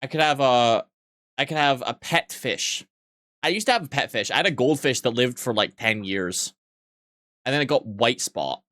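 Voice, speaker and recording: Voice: mid-range voice, lively intonation, moderate pace, fairly bright tone, no echo, clean studio sound. A streamer chatting casually with viewers, rambling and self-mocking, with frequent swearing.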